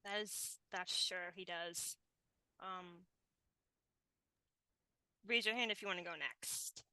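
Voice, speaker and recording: A woman hosting a casual group chat, gentle and halting, with small laughs between turns. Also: fairly low pitch, fairly even intonation, clean tone, no room sound, rough recording. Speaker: podcast host.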